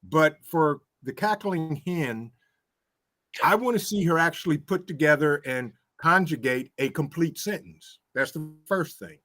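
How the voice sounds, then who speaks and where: Bright, blunt, opinionated man. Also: a little high, lively intonation, a little slow. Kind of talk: casual chat.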